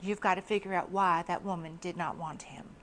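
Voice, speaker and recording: A woman's voice: fairly low pitch, steady tone, a little fast, fairly bright tone, slight background noise, natural voice. A woman voicing a wise older woman with a Southern US accent, giving blunt, matter-of-fact advice. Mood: knowing.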